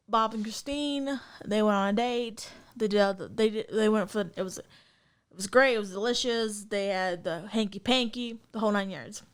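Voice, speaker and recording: A young woman chatting casually on a podcast, her voice sitting a little higher than most. She rambles through her stories, filling the gaps with ums and likes. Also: clean tone. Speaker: podcast co-host. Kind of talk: casual chat.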